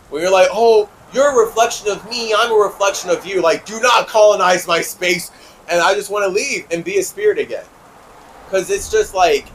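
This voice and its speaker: A man hosting a spiritual talk show, reading a listener's letter aloud and answering it in a passionate, heated monologue with big swings in pitch and loudness. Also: a little hiss or hum, rough recording.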